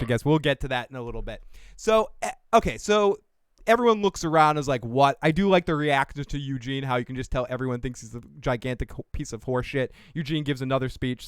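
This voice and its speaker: A man's voice: mid-range voice, clean tone, no echo, studio quality. A man hosting a casual show recap, laughing often and reading viewer comments aloud. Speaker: podcast host.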